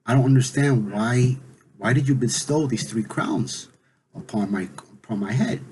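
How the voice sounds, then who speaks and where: A humble mother goddess from a spoken legend, flustered and unsure of herself, as a male storyteller voices her. The voice stays at an ordinary male pitch, with a faint hiss of noise behind it. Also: normal speed, close to an everyday voice. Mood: baffled. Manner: flustered, self-doubting.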